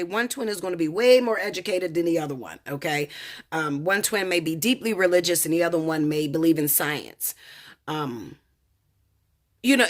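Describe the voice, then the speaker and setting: American woman, lowish voice, blunt and profane, casual storytelling, keeps asking "okay?". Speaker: tarot reader. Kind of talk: casual personal storytelling to viewers.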